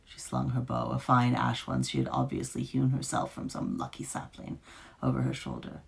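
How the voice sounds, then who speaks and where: A woman author giving an expressive, dramatic live reading of her fiction. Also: a bass voice, normal speed, gravelly.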